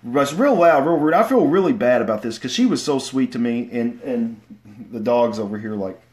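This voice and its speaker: A man, rambling through casual livestream stories, with many fillers and restarts and sudden loud outbursts. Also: medium pitch, expressive, normal speed. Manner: bursts into loud shouts when acting out stories. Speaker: vlogger.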